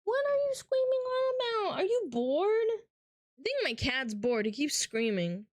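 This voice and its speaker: A woman's voice: very high-pitched, sing-song, a little slow, dry recording. A woman streamer chatting casually and reading out live comments, playful and teasing with frequent giggles, talking from her home setup.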